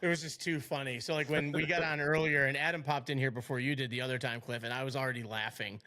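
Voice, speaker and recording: A man's voice: medium pitch, steady tone, fast talker, pushed and bright. A man in his forties hosting a podcast, chatting casually and rambling, laughing often. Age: 40s. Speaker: podcast host.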